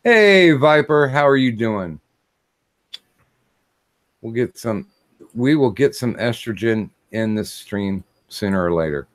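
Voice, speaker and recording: A man's voice: mid-range voice, expressive, no room sound. Rambling man with a dry close mic. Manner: halting, many fillers and restarts. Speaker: stream host. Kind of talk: casual crude livestream chat.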